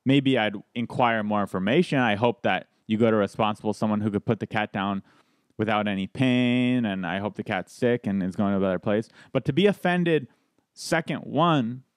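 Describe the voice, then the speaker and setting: A man's voice: lowish voice, moderate pace, smooth, dry recording, clean studio sound. A man, a comedian, telling stories in a casual podcast chat, rambling with restarts and laughs. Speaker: guest comedian.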